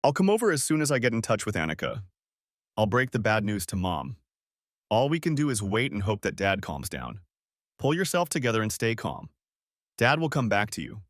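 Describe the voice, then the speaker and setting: A man voicing a calm, reassuring adult son. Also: fairly low pitch, moderate pace, no room sound, studio quality.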